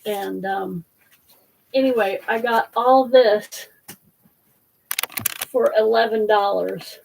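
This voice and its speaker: A woman's voice: medium pitch, takes it slowly, vocal fry, a little mellow, far from the mic, slight background noise, low-quality recording. A woman hosting a casual live stream, chatting in a rambling, apologetic way while eating dinner. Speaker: host.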